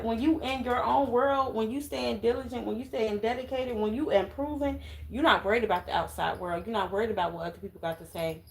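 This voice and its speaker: Emphatic woman giving a tarot reading. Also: a little high. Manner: emphatic, coaxing, with repeated "okay?" asides. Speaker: tarot reader. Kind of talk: casual tarot reading to viewers.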